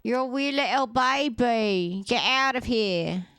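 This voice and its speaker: Slow-talking young woman streamer. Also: a little high, fairly bright tone, no room sound. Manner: rambling, chatty, with many fillers. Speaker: game streamer. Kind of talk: casual gameplay commentary.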